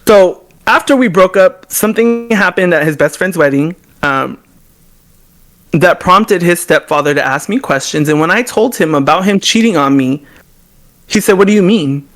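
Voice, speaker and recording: Young guy telling a breakup story, kinda high voice, acts out all the lines. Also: normal speed. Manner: animated, reenacts quoted dialogue with swings in pitch. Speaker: guest. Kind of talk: emotional storytelling.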